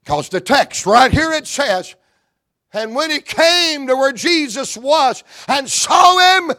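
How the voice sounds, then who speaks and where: A preacher with a strikingly high voice delivers his sermon slowly and deliberately. He builds fervent, rhythmic runs of phrases and breaks into shouts. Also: expressive.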